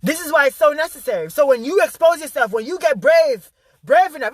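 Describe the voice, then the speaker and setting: A man's voice: extremely high pitch, animated, fairly quick, no room sound. A man giving an intense, emphatic motivational vlog monologue, swearing freely and repeating his key phrases for emphasis. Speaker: spiritual motivational speaker.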